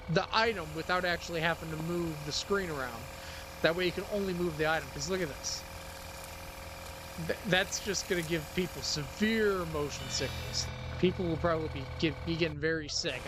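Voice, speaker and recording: Man, live game commentary, slightly high voice, rambling, sarcastic, cusses a lot, noisy recording. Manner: rambling, sarcastic, swears freely. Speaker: streamer.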